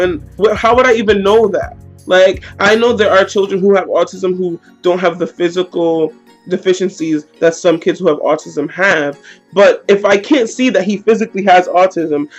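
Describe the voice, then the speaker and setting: A woman's voice: fairly low pitch, highs cut off. A young woman telling a heated, slangy story in a storytime vlog. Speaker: vlogger.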